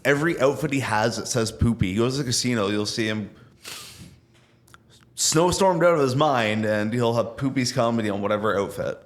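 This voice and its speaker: A man's voice: medium pitch, brisk. A man, a comedian, telling playful stories in a casual podcast chat in a backstage green room, with bursts of mimicry.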